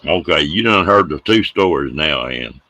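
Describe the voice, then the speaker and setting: A man's voice: extremely low pitch, lively intonation, moderate pace, sharp tone, dry recording. A middle-aged man, hosting and telling folksy stories in a casual, laughing way. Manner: folksy, drawling yarn-spinner who laughs at his own tales. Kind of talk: casual storytelling on a live show.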